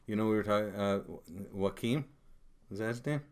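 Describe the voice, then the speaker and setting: A man co-hosting a casual chat, jokey and animated, often trailing off mid-sentence. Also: lowish voice, very fast, smooth. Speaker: co-host.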